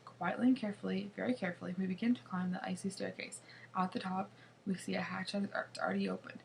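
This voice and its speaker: Brief: woman narrating a children's book, chatty, gravelly edge, even middle pitch. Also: fast, a little hiss or hum. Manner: chatty, with small slips and restarts. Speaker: reader. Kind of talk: reading a children's chapter book aloud.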